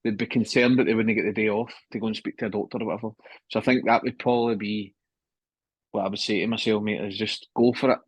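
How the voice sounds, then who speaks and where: A man's voice: on the low side, steady tone, fast, breathy edge, no room sound, rough recording. A man in his thirties talking candidly as a podcast guest, swearing freely and calling his host mate, heard through a phone. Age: 30s. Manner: candid, swears often, keeps saying mate. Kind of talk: casual conversation.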